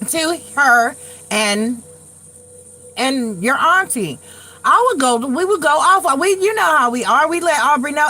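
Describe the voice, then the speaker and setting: A woman in her late forties hosting a live tarot stream, telling stories in a blunt, profane, animated way while getting over a cold. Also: high voice, measured pace. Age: late 40s. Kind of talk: casual live chat.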